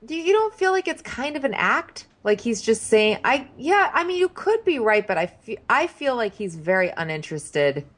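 A woman's voice: on the high side, sing-song, normal speed, hardly any pauses, a bit bright. A woman co-hosting a podcast, chatting casually about a reality show with frequent fillers and restarts. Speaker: podcast co-host. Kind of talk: casual show recap chat.

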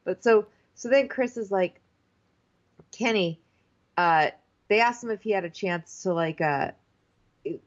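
A woman's voice: mid-range voice, unhurried, pauses often. A woman co-hosting a casual podcast chat, chatty and incredulous, acting out quotes. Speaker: podcast co-host. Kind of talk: casual chat recapping a TV show. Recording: slightly dull lo-fi sound.

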